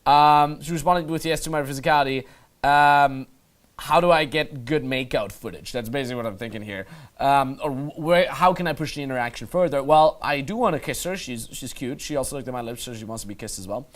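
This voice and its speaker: A man's voice: mid-range voice, brisk. A man acting as a dating coach, giving casual, emphatic voice-over commentary on his footage and swearing freely.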